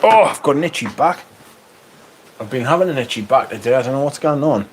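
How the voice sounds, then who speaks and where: A man's voice: mid-range voice, animated, a little fast, slight background noise. A man with a Northern English accent hosting a livestream, chatting casually and reading out viewer comments with dry banter. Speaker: livestream host.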